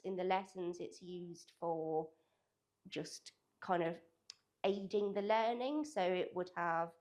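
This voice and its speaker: A young woman who works as a digital communications apprentice at a college answers interview questions loosely, hedging with plenty of "kind of" and "sort of." Her voice is medium in pitch and somewhat mellow.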